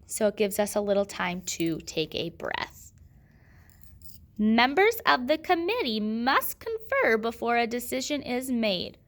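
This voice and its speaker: A woman's voice: a little high, very animated, measured pace, fairly bright tone. A woman teaching a grammar lesson, patiently asking questions and answering them herself.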